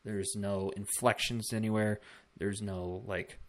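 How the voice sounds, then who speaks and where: A man's voice: lowish voice, level tone, a little slow. A man hosting a casual political commentary vlog, talking bluntly with swearing and rambling asides. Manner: blunt, profane, rambling with fillers.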